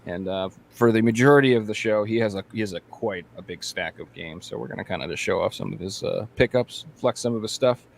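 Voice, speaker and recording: A man's voice: lowish voice, fairly quick, gravelly, few pauses. A man hosting a podcast in casual chat, rambling and joking with lots of fillers and restarts. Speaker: podcast host.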